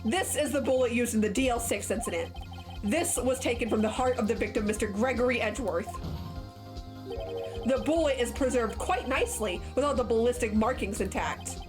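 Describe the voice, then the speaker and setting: A self-assured young male defense lawyer laying out his case, read aloud by a woman in her own fairly high voice. The delivery is steady and dramatic, with game music clearly behind. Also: fairly quick, close to an everyday voice. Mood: explaining.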